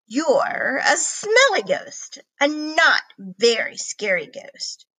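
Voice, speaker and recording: A woman's voice: high voice, very animated, slow, heavily acted, low-quality recording. A woman voicing a bold young boy. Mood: daring. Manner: bold, shouting to take charge. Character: brave excitable young boy.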